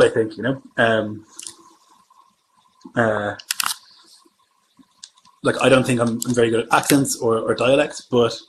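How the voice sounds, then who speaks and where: A man's voice: mid-range voice, fairly even intonation, unhurried, long pauses, noisy background. A man from Germany who runs tabletop games, chatting casually on a livestream and thinking aloud as he answers viewer comments. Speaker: game master.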